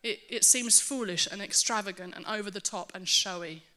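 A woman preaching a sermon to her church, earnest and animated, with self-mocking asides. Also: medium pitch, a little fast.

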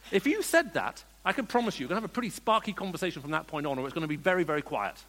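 Preacher in a reverberant hall. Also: male voice, a little high, very animated, rapid-fire. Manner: dramatic, shifting between hushed storytelling and emphatic rising questions. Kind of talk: sermon. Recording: long reverb of a large hall.

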